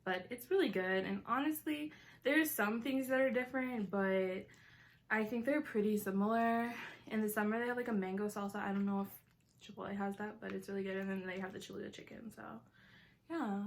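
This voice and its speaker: A woman's voice: medium pitch, fairly even intonation, a little fast, vocal fry. A woman in her twenties talking casually while eating in a mukbang vlog, chatty and filling her talk with "like". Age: 20s. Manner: chatty, says "like" a lot, giggly asides. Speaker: vlogger.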